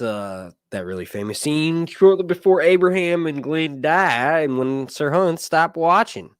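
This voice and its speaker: A young man rambles and jokes crudely on his livestream. His pitch swings animatedly. The mic sound is close and dry. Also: lively intonation, moderate pace, hardly any pauses, dry recording. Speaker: YouTube show host. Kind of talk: casual livestream chat.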